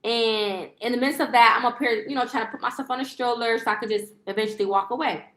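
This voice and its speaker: Woman vlogger ranting casually, cussing a lot, lots of ums, kinda high voice, roomy echo. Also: fairly even intonation, fast talker, fairly bright tone. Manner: rambling, profane, frequent fillers and restarts. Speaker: lifestyle vlogger and livestreamer. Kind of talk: casual storytime rant.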